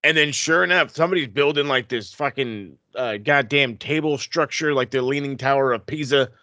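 A man co-hosting a casual wrestling podcast, talking in an animated, profane way that swings into excited outbursts. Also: mid-range voice, moderate pace, no echo, highs cut off. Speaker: podcast co-host.

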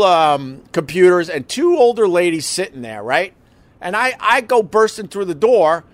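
A man's voice: high voice, no room sound. Man telling a story with a raised voice. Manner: emotional, swears, acts out others' lines. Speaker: husband recounting an emergency. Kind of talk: casual personal storytelling.

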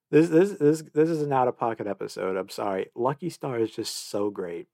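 A man's voice: lowish voice, animated, moderate pace, creaky, darkish tone, dry recording, clean studio sound. A man hosting a solo anime review podcast, talking in a gushing, enthusiastic way and repeating words as he restarts his sentences. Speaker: podcast host.

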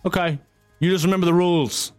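A man narrating as game master of a streamed tabletop game, energetic and chatty, swinging into excited whoops. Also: sits high, fast talker, clear, resonant tone, no echo, faint music behind.

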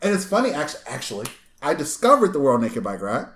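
A man hosting a casual chat, telling a long story with lively asides and laughs, recorded in his apartment. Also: a little high, quick pace. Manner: animated storyteller, acts out voices, laughs often. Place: small apartment room. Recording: echoey room.

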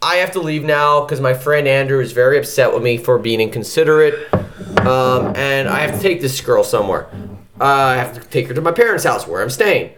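A man's voice: medium pitch, a little fast, a little hiss or hum. A young man telling a profane story in a casual podcast chat, acting out the voices of people in it. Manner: animated, profane, acts out voices in his story.

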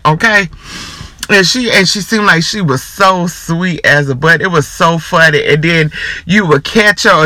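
Solo podcast host, male, animated casual chatter, wide swinging pitch, crisp bright tone. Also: dry recording. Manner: animated, laughs hard, drawling asides. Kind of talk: casual chat.

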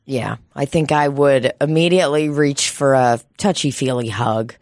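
A woman's voice: a bass voice, moderate pace, a little mellow, no room sound, clean studio sound. A woman co-hosting a comedy podcast, telling stories in a blunt, profane, casual way. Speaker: podcast co-host.

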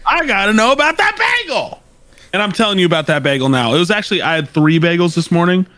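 A man co-hosting a podcast in casual chat, jokey and quick to laugh. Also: high voice, lively intonation, pushed and bright, dry recording. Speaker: podcast co-host.

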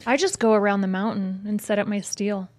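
A woman co-hosts a podcast, asking questions in a playful, teasing way. Her voice sits at an ordinary pitch, and it is recorded dry and close, with no room echo. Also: steady tone, brisk, darkish tone. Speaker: podcast co-host. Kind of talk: casual chat.

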